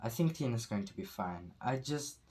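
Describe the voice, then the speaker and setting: A man's voice: medium pitch, expressive, normal speed, darkish tone, breathy edge. A man reading the lines of a confident, knowledgeable field biologist who reassures worried parents. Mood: reassuring. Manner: confident, explanatory.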